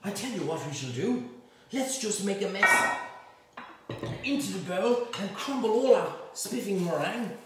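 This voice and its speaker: A man's voice: high-pitched, expressive, unhurried, background noise, voice pushed up. A man putting on plummy posh English schoolboys. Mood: bossy. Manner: plummy, exaggerated toff voice. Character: posh upper-class English schoolboys, jolly and pompous. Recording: echoey room, mic at a distance.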